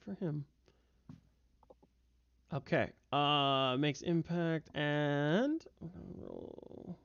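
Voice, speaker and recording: A man's voice: on the high side, drawn-out words, gravelly, clean tone, no echo. A young man narrating a tabletop game as game master, vivid and full of fillers, on a voice call. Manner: vivid, filler-heavy narration with bursts of excitement. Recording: dull, dry lo-fi mic.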